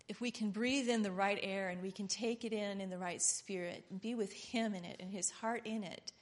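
A middle-aged woman giving a rambling, earnest, informal sermon that builds to loud, impassioned preaching. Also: medium pitch, fairly even intonation, normal speed.

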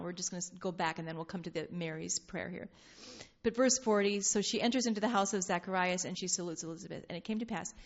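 A woman leading an informal Bible study, reading scripture aloud and talking in an animated, laughing way. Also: mid-range voice. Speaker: Bible teacher. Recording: dull lo-fi sound.

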